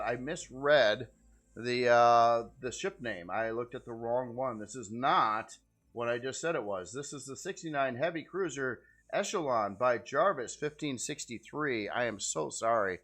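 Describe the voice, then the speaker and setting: A man's voice: mid-range voice, measured pace, a bit bright. A man giving casual, rambling gameplay commentary as host, easygoing and often repeating how cool things look. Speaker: game video host.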